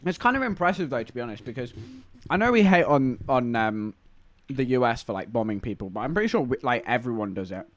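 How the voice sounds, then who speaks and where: A man's voice: medium pitch, animated, a little fast, faint music behind. A man with an English accent, chatting casually and rambling to viewers on a live stream. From England.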